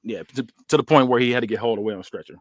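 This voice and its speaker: A man's voice: mid-range voice, racing, dry recording, clean studio sound. A man hosting a podcast, casually narrating a wrestling storyline play by play with plenty of "um"s. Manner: rambling, many "um"s and restarts. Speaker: podcast host presenting a fantasy booking.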